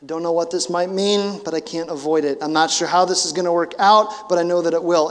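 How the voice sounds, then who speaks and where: Animated high-voiced pastor in his forties. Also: a little fast, few pauses, long reverb tail. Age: 40s. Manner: animated, conversational preaching with emphatic bursts. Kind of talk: sermon.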